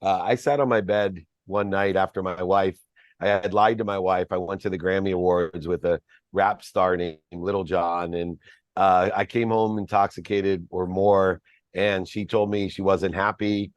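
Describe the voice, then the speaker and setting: A man's voice: sits low, fairly even intonation, measured pace, no room sound, dull audio. A man, a podcast guest, telling a personal story in an earnest, reflective way.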